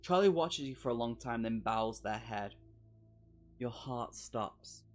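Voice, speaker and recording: Taking it slowly, a man with a medium-pitched voice and lively intonation streams a live playthrough of a horror gamebook, reading passages aloud. In between, he's chatty and jokey with his viewers.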